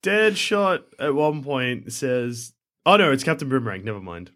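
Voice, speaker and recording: A man's voice: medium pitch, lively intonation, normal speed, fairly bright tone. Man with dry crude interjections. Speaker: podcast co-host. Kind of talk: casual film review chat.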